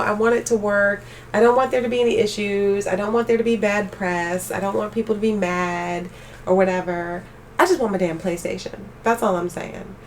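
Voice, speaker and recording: A young woman live streaming, chatting casually with her viewers and ranting with animated energy. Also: mid-range voice, far from the mic, a little hiss or hum. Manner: animated ranting, talks straight to chat.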